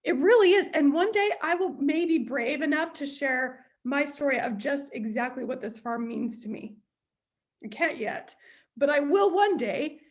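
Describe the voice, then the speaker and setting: This time the young sales team leader sounds high, expressive and a little slow. Her motivational meeting talk stays chatty, open and emotional, and she performs inner voices along the way.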